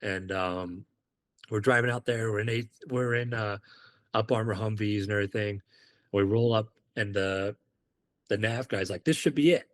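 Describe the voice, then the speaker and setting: A former Marine from the United Kingdom tells stories on a podcast in a casual, animated way, acting out the quoted dialogue. His voice is fairly low in pitch and his speed is normal.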